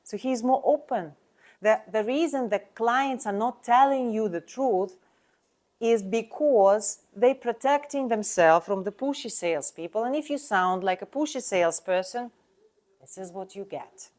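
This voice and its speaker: A woman's voice: fairly high pitch, a little slow, a little mellow. A woman coaching real estate agents on sales talk, speaking emphatically in non-native English and asking the listener rhetorical questions.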